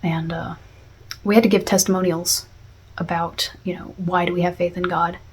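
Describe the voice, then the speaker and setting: A woman's voice: lowish voice, level tone, moderate pace, slightly rough. A woman talking through a series review in a casual, reflective way, with many fillers and restarts. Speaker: video essayist.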